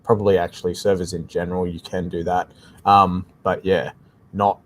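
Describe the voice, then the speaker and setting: A man's voice: sits low, steady tone, normal speed. A man with an Australian accent co-hosting a live tech Q&A stream, explaining things casually and often saying "like I said". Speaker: tech support co-host.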